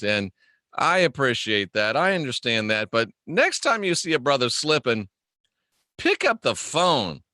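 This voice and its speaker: A man's voice: medium pitch, very animated, a little slow, sharp tone, no room sound, clean studio sound. A man hosting a casual livestream monologue, rambling and joking as he answers viewer comments. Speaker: host.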